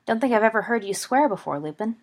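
A woman's voice: on the high side, lively intonation, fast, pitched above the performer's own voice. A woman reading the part of a blunt, bored teenage schoolboy with an offhand, rude manner. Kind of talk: audiobook character reading.

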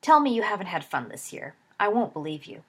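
A woman's voice: mid-range voice, sing-song, a little fast, breathy edge. A woman doing a cocky teasing schoolboy.

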